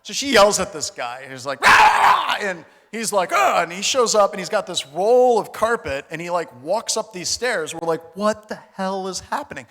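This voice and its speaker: A middle-aged American man telling a comic story on a conference stage, casual and animated, with slang and mild swearing. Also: sits high, moderate pace, hardly any pauses. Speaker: conference speaker. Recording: reverberant conference hall.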